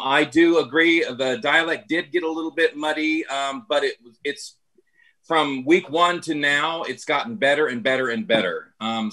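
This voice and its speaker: A man judge giving encouraging feedback, halting with many ums. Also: medium pitch, sharp tone, poor audio.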